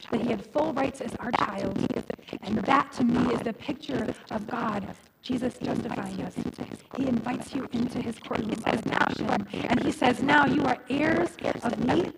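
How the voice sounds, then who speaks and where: A woman's voice: a little high, unhurried, gravelly. A middle-aged woman pastor preaching a sermon in a conversational way, restarting phrases and adding humorous asides. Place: church. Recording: loud background noise.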